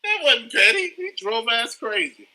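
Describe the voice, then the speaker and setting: A man's voice: very high voice, sing-song, moderate pace, pushed and bright. A man co-hosting a podcast in casual chat, chiming in with short reactions. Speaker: podcast co-host.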